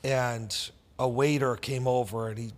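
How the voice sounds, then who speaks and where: A middle-aged man with a Boston accent, telling stories as a podcast guest in an intense, animated way. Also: medium pitch, long reverb tail. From Boston area, USA. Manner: intense, animated, talks in rapid bursts. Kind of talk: casual interview storytelling.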